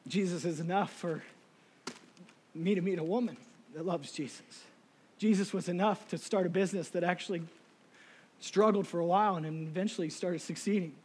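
A middle-aged man preaching a sermon emotionally, moving from soft, near-tearful passages to shouted appeals. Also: sits high, fairly quick, pauses often, a little hiss or hum. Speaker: lay preacher.

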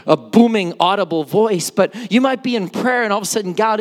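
A pastor preaching a sermon with animated delivery, stumbling over repeated words as the point builds. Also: medium pitch, brisk, hardly any pauses. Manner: animated preaching, acts out quoted voices. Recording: long reverb of a large church hall.

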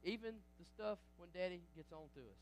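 A pastor preaches in a lively, conversational way, asking the congregation for an amen. His voice sits high for a man, and he often stumbles and restarts mid-sentence. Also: fairly quick. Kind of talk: sermon.

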